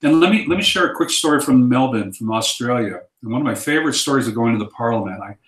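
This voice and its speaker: A man's voice: mid-range voice, lively intonation, fast, fairly bright tone, reverberant. A man in a casual chat who tells his stories with conviction and acts out the quotes. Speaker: ministry guest.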